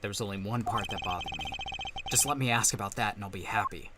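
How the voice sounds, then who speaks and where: A man's voice: on the low side, quick pace, heavy background noise, natural voice. A man reading as an earnest young defense lawyer. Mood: determined. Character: earnest young male defense attorney, determined.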